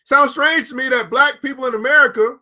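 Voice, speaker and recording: A man with a strikingly high, bright, forceful voice reads from a book and comments between passages. He is excitable and often breaks into whoops and laughter. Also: brisk. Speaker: book reader and host. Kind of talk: reading a book aloud with commentary.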